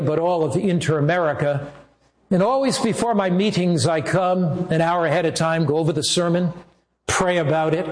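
Earnest male pastor preaching, echoey room. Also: sits high. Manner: earnest storytelling, slow emphatic phrasing. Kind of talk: sermon.

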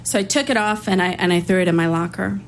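A woman public defender telling a personal story in a conversational way, with small restarts and pauses. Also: fairly low pitch, slight background noise.

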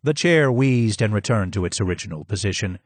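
A man narrating a first-person audiobook in a measured, descriptive way. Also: lowish voice, lively intonation, dry recording.

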